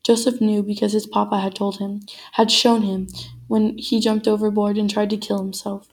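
A woman reading a novel aloud chapter by chapter, in an even, unhurried manner. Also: medium pitch. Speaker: reader.

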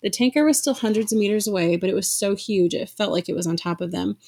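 A woman reading a novel aloud with dramatic expression, lifting her voice for the characters' shouts. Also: fast. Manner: dramatic reading, raising pitch for shouted lines. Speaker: reader.

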